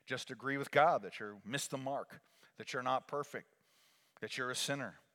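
A man preaching a sermon as pastor, swinging from hushed lines to loud calls for the congregation to repeat after him. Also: mid-range voice, normal speed. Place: church sanctuary. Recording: long reverb of a large hall.

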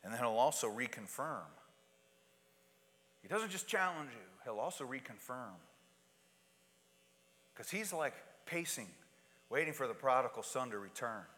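A man preaching a sermon, swinging from loud, urgent passages to hushed, intimate asides, and acting out quoted prayers and pleas. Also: medium pitch, lively intonation, measured pace, long pauses. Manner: acts out quoted prayers and pleas in different voices. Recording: long hall reverb.

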